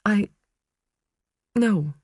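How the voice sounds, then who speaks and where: A man voicing a frightened, tearful woman witness who speaks in a trembling, hushed voice. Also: high voice, very slow, no echo, clean studio sound, pitched above the performer's own voice, full character voice. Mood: breaking down.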